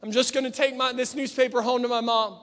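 A man's voice: very high-pitched, fairly even intonation, quick pace, fairly bright tone. A man preacher voicing a poor young boy who politely refuses to give in, in an earnest, pleading way. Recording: long church reverb with faint piano.

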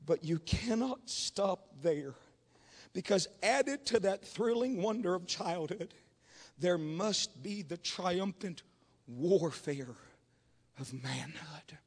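A man's voice: high-pitched, lively intonation, slow, big-room sound. A man preaching a Pentecostal revival sermon, telling stories and calling on the congregation to respond. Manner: storytelling preacher, calls on the congregation.

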